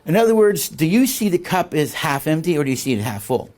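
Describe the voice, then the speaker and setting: A man's voice: fairly high pitch, very animated, fairly quick, darkish tone. A man teaching leadership in a classroom lecture, quizzing his listeners with fill-in questions before a live audience.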